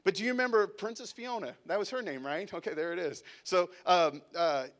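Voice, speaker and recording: A man in his thirties preaching a sermon, animated and conversational, with sudden drops to a hush. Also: high voice, quick pace. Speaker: pastor. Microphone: handheld mic, sometimes set down.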